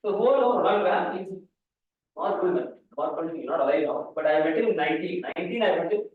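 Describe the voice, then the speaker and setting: High-voiced man lecturing in echoey hall. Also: expressive, fast talker. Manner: rambling, restarts sentences, asides to students. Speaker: mathematics lecturer. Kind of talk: conference lecture with anecdotes. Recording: echoey hall, far mic, phone-like band.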